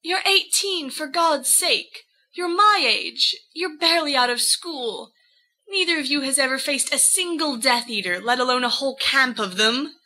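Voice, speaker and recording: A woman's voice: high-pitched, moderate pace, bright, forceful tone, pitched above the performer's own voice, low-quality recording. A woman voicing a fierce, worried eighteen-year-old young woman who scolds in an exasperated way. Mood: scolding.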